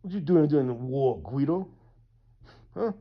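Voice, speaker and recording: A man's voice: medium pitch, expressive, moderate pace. A man putting on the voice of a brash, belligerent tough guy who needles and confronts, on slightly dull lo-fi audio. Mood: taunting. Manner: needling, confrontational, shouting questions.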